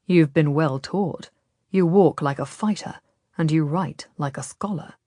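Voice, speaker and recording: A woman voicing a smooth, persuasive Ottoman nobleman who speaks quietly and gently in an audiobook. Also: sits low, a little slow, no room sound, studio quality. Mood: coaxing, ominous.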